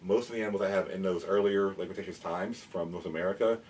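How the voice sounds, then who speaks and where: Man, deep voice, eager and rambling, casual educational show-and-tell, heard from a bit away from the mic. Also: fairly even intonation, a little mellow. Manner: eager, rambling, quick restarts. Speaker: dinosaur educator and toy collector. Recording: mic at a distance, faint background noise.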